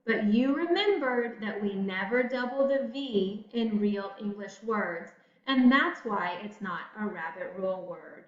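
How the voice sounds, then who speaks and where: A woman teacher walks young students through a spelling lesson at a very slow, patient pace, praising them as she goes. Her voice sits a little high. It was recorded in an echoey room and sounds dull and lo-fi. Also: animated.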